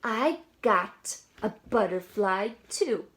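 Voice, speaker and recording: A woman voicing a tiny, eager baby chick that copies everything with squeaky, insistent repetition while reading a picture book aloud. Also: expressive, slow pace, a bit bright.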